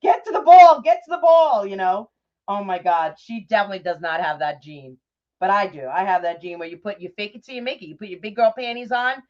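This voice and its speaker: A woman's voice: lowish voice, brisk. Chatty woman on a lo-fi livestream. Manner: chatty, laughs often, greets viewers by name. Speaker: livestream host of a bow-making craft show. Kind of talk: casual livestream chat. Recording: dull lo-fi livestream audio.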